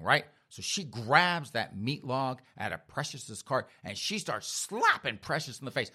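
A man's voice: mid-range voice, big pitch swings, normal speed, hardly any pauses, bright, forceful tone. A man hosting a comedic news show, retelling stories in a mocking storytelling way and calling listeners "folks.". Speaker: host.

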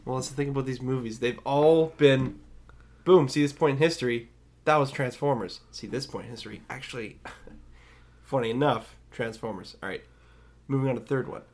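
A young man co-hosting a casual film podcast in a middle-pitched voice. He speaks dryly and sarcastically, with sighs and weary asides about the movies. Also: brisk. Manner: dry, sighing, sarcastic asides. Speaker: podcast co-host.

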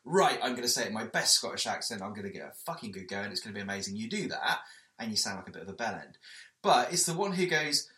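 Podcast co-host, male, low-ish forceful voice, sweary banter, roomy echo. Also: big pitch swings. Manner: sweary, self-mocking, quick asides. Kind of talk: casual chat.

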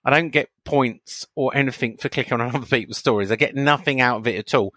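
Hesitant stammering podcast co-host. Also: male voice, medium pitch, quick pace, sharp tone, no room sound. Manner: hesitant, stammering restarts, defensive. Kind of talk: casual chat.

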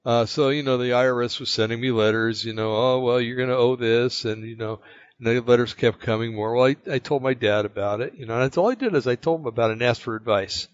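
A man from the United States telling a personal story in casual chat, rambling and halting, with many fillers and restarts. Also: medium pitch, no echo. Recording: dull lo-fi, dry sound.

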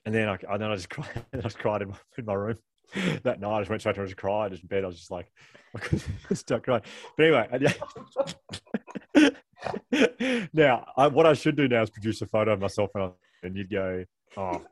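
Fast-talking man, rambling and laughing. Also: on the low side, a little hiss or hum. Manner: fast, rambling, self-deprecating, laughing often. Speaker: guest author. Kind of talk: candid conversational storytelling.

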